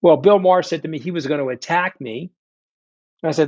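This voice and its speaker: A middle-aged man, a guest telling stories in an interview, blunt, combative and quick to swear. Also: on the high side, darkish tone, no echo. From New York. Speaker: guest, fund founder. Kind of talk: candid storytelling interview. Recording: dull, dry lo-fi sound.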